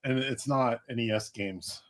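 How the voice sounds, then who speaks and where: A man's voice: mid-range voice, a little slow. A man co-hosting a livestream in casual chat, bantering in a wry, self-deprecating way. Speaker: co-host.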